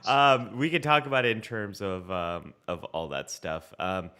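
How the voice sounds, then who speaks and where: Man, co-host, live-stream chat, upbeat, often laughing, lowish pitch, bright tone. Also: measured pace, clean tone. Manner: reads viewer comments aloud.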